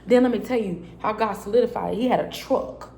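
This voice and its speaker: Animated woman sharing a faith story. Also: mid-range voice, a little fast, creaky, slight background noise. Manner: animated storytelling, acting out her own dialogue; casual, loose and chatty with many fillers. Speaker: vlogger. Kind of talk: casual faith testimony vlog. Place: a quiet private space.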